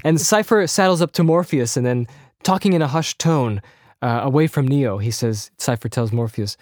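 A man's voice: mid-range voice, normal speed, no room sound. Guy cohosting a podcast, rambly, lots of ums, dead dry sound. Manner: rambling, reads old script lines aloud in a flat voice. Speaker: podcast co-host. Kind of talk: casual chat.

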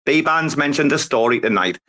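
A man's voice: medium pitch, expressive, fairly quick, sharp tone. Man, casual, cheeky, profane. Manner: swears freely, calls people darling. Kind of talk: casual chat.

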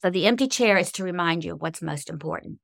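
A woman's voice: lowish voice, expressive, quick pace, vocal fry, dry recording, studio quality. A middle-aged woman, a guest author, telling heartfelt faith-based stories in an interview with an earnest, emotional manner.

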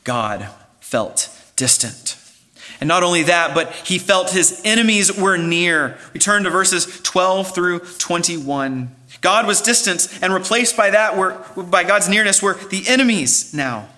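A male pastor delivers a sermon in a high, bright voice that carries with some force. He explains earnestly, sometimes restarting a phrase and pressing on with rising emphasis. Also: lively intonation, a little slow.

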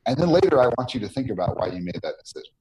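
A game designer is interviewed on a podcast over a noisy line, speaking earnestly and tagging his points with "right?". His mid-range voice races along with big pitch swings and a darkish tone.

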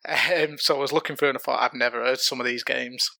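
A man from Britain joins a gaming podcast as a guest, relaxed and modest as he talks. His voice has a gravelly texture and a bright, forward tone. The sound is dry. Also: mid-range voice, fast talker, no echo. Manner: easygoing, modest. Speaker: guest, longtime listener. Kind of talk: casual gaming podcast chat.

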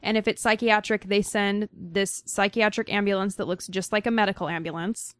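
A woman's voice: mid-range voice, steady tone, fairly quick, fairly bright tone, no room sound. Female podcast co-host, conversational and explanatory, dry close recording. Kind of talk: casual chat, summarizing news stories.

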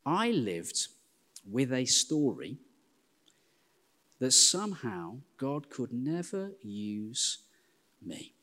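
An English man in his forties preaching a sermon in a church, telling self-deprecating stories in a lively way. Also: mid-range voice, extremely slow, long pauses. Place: church hall. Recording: long hall reverb.

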